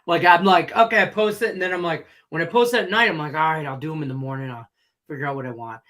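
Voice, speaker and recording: A man's voice: fairly high pitch, quick pace, sharp tone. A man co-hosting a sports betting chat, telling a rambling story with casual swearing. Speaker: co-host.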